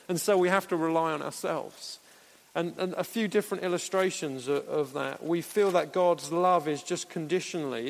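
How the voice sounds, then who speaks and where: A man's voice: sits high, vocal fry. A man preaching a sermon in an earnest, conversational way, with playful asides. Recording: echoey hall.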